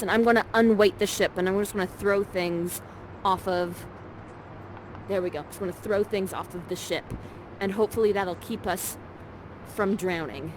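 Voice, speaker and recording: A woman's voice: medium pitch, slight background noise. A woman actor guiding a partner through an interactive theater scene in a chatty, playful, encouraging way, from a room with the door open. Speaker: actor and guide of a live virtual theater session. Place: ground-floor rental with door open, in summer heat.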